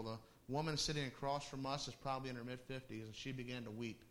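A middle-aged man preaches in a relaxed, storytelling way, his voice sitting at an ordinary male pitch. He talks to the congregation like friends, restarting sentences and slipping in amused asides. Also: fast talker, hardly any pauses. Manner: conversational, with laughing asides and restarts. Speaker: pastor. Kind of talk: sermon storytelling.

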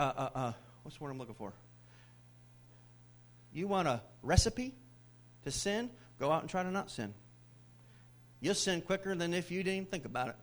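A man preaching a sermon in church as pastor, swinging from loud declarations to hushed whispers. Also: high voice.

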